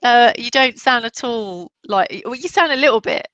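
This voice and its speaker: A woman with a softened Black Country accent talks casually as an interview guest. She tells stories freely, with frequent restarts and laughs. The sound is dry and close. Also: a little high, expressive, moderate pace, no room sound, highs cut off. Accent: Black Country English, softened. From Black Country, England. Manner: chatty, laughs often, many restarts.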